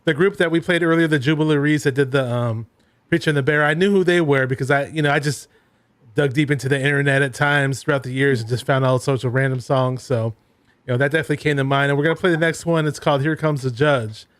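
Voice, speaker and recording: A man hosting a casual online show, telling easygoing anecdotes at a middling pitch. His voice is close and dry, with no room sound around it. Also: steady tone, fast talker, a bit bright, clear, resonant tone, dry recording. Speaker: podcast host. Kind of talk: casual chat.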